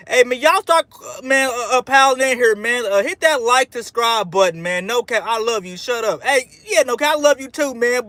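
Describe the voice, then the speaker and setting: A man livestreams in a casual, fired-up ramble, trash-talking and answering chat while tossing "man" into nearly every sentence. His voice sits very high and sounds bright and forceful. The recording is dry and close, with no room sound. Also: no echo. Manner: peppers speech with "man". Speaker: sports fan livestream host. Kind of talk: casual live-stream reaction while reading chat.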